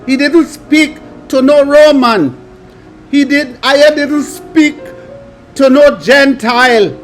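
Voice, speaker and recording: A man with an extremely high voice preaches, reading scripture aloud and adding emphatic commentary. His delivery is slow and drawn out, with faint music in the background.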